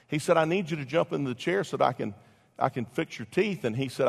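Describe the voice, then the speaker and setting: A pastor preaching a sermon, telling a story with lively swings between loud and hushed delivery. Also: male voice, a little high, fast, vocal fry, big-room sound.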